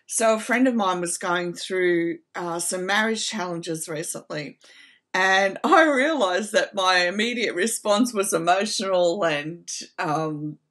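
A woman's voice: fairly low pitch, a little slow, a bit bright. A middle-aged woman hosting a casual advice talk, speaking earnestly and from the heart, often checking in with her listeners. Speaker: host.

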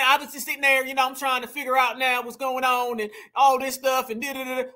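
A man hosting a commentary show, reacting to video clips in an animated, scolding way with lots of slang. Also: very high voice, a little fast, hardly any pauses. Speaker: commentary host.

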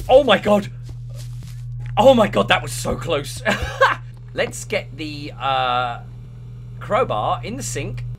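A young man who makes gaming videos on YouTube narrates a horror game let's-play in a slightly high, sharp voice, talking himself through it and panicking and shrieking at the scares. Game music and sounds play behind him, with slight background noise.

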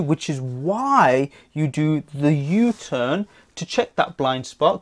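A man teaching an online driving theory lesson, reading questions aloud in a chatty, jokey way with lots of fillers. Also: a little high.

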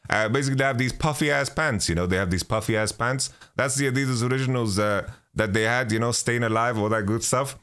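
A man's voice: medium pitch, brisk, hardly any pauses, a bit bright, smooth. A man hosting his own podcast, telling a travel story in a loose, rambling way, swearing freely and often restarting his sentences. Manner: rambling, profane, lots of restarts and "you know". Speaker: podcast host.

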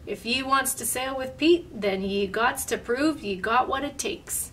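A woman voicing a bossy pirate parrot with shrill, barking calls. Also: measured pace, a bit bright. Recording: distant mic, faint room noise.

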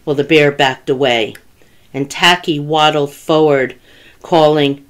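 Slow-reading woman telling a kids' story. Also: sits low. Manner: gentle, expressive storytelling. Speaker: children's librarian. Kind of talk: reading a picture book aloud.

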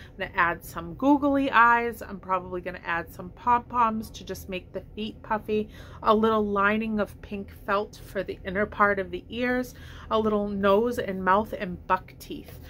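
Woman, mid-pitched, chatty haul vlogger, hiccups, faint background hiss. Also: fairly bright tone. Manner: chatty, upbeat, talks fast and rambles. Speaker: vlogger showing a shopping haul. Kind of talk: casual haul chat to camera. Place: at home indoors.

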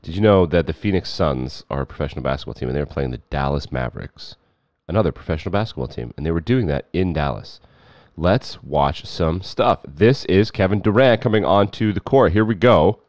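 A man hosting casual sports commentary, sarcastic, jumping between loud bursts and low muttering. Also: animated, a little fast, no room sound, clean studio sound.

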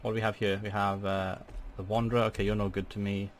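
A young man giving chatty let's play commentary as a gaming channel host, swearing in sudden excited outbursts at a desk microphone. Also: on the low side, fast, a little hiss or hum.

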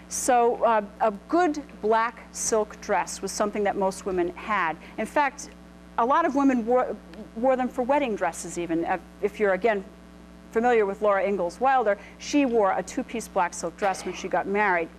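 A woman's voice: medium pitch, a little hiss or hum, low-quality recording. A middle-aged woman presenting clothing history to a live audience, casual and full of ums and restarts, in a lecture room. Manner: chatty, many ums and restarts. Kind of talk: informal illustrated lecture.

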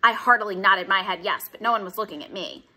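A woman narrating a children's storybook aloud with an expressive, animated reading. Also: medium pitch, fast, breathy edge. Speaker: audiobook reader.

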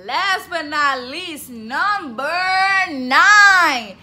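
A woman of twenty chatting casually to camera in a vlog, lively and talkative, breaking into bits of song. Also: high-pitched, drawn-out words. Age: 20s. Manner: chatty, animated, laughs and sings bits. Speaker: vlogger.

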